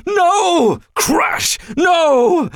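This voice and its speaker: A male audiobook reader voicing a desperate, pleading demonic male entity, with high, strained, wailing cries. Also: sing-song, slow pace, dry recording, clean studio sound, exaggerated voice. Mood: anguished cries. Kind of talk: audiobook character voice.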